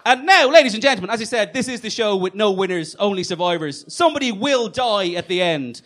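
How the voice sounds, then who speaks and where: A man hosting a live comedy show on stage, announcing with loud, showy energy. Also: sits high, animated, fast, hardly any pauses.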